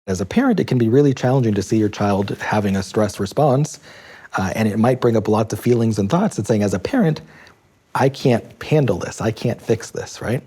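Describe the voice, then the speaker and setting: A man explaining, in a calm and measured way, how parents respond to a child's stress. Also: fairly low pitch, husky. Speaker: child mental health expert. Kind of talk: explanatory interview.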